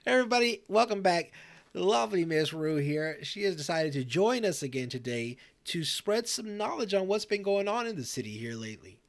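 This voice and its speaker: A goofy talk show host, played by a man jokes his way through role-play banter. His voice sits a touch high and swings widely up and down as he stumbles over restarts. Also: lively intonation, brisk, vocal fry, no echo. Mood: easygoing banter. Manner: joking, stammering restarts.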